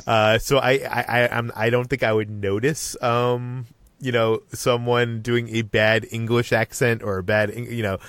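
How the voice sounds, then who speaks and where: A man's voice: mid-range voice, flat delivery, a little slow, a bit bright, no echo. Man, podcast host, American, rambling, self-interrupting, dry close mic. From United States. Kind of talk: casual podcast discussion.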